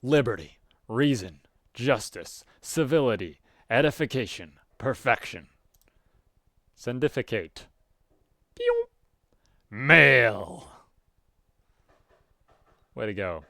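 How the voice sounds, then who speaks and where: A man reading a webcomic aloud and chatting about it casually, with sudden loud, animated outbursts. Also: medium pitch, unhurried, dry recording, studio quality. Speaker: webcomic reader. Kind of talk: casual read-aloud with commentary.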